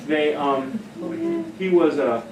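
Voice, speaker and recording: A middle-aged man giving a casual talk on behavioral care, telling stories in an animated way and laughing often. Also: on the high side, slow pace, background noise. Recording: echoey room from far off.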